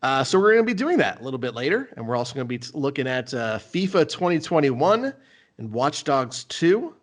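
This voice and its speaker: Casting note: man, podcast host, mid pitch, easygoing and self-deprecating. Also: sing-song, a little fast. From United States. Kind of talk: casual chat.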